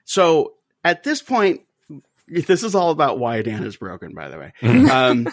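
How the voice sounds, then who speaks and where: A man's voice: mid-range voice, big pitch swings, a little slow, dry recording. A man hosting a podcast in casual chat, telling a story with animation and acting out quoted voices. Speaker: podcast host.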